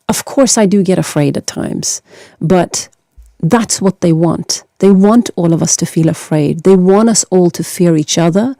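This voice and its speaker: A woman from Norway speaks as a documentary filmmaker in an interview, with a gravelly, dark tone. Her answers are measured and reflective. The sound is dry and close. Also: lowish voice, dry recording. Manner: measured, reflective, with some stammered restarts.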